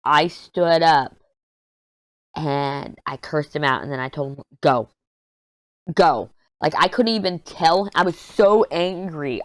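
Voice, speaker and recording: A woman's voice: sits low, dry recording. A middle-aged woman vlogger chatting casually and bluntly over a headset mic while she crafts, telling candid stories with lots of asides. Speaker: diamond painting vlogger.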